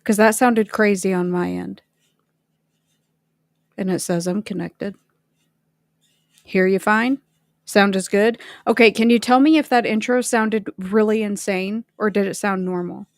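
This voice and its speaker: A woman's voice: medium pitch, fairly even intonation, measured pace, gravelly, long pauses, no room sound, studio quality. A woman hosting a casual livestream, chatting and greeting viewers by name. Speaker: livestream host.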